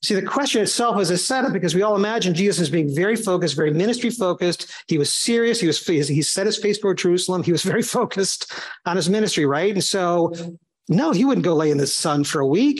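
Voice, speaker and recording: A man leading a conversational Bible study, animated and given to asides and restarts, who acts out quotes in shifting voices. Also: high-pitched, quick pace, breathy edge.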